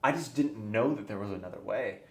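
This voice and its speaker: Earnest man, low voice, echoey room. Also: animated, a little fast. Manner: earnest and intense, dropping to near-whispers. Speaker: podcast guest. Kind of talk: telling his personal story in an interview. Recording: echoey room with faint noise.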